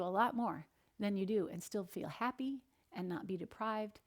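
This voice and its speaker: A middle-aged woman nutritionist giving an animated, encouraging talk, sharing stories from her counseling work. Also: fairly high pitch, measured pace.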